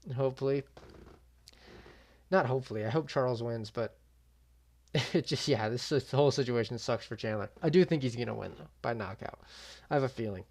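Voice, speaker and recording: A man's voice: mid-range voice, a little fast, long pauses, darkish tone. A young man giving casual, slangy reaction commentary, swearing freely and often trailing off mid-thought. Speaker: YouTube MMA commentator.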